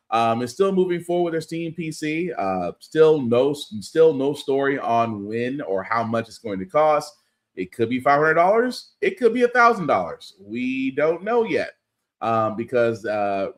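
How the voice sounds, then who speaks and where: A man hosting a casual podcast, talking loosely with plenty of fillers. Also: on the high side. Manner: loose, rambling, lots of fillers. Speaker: podcast host. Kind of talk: casual chat.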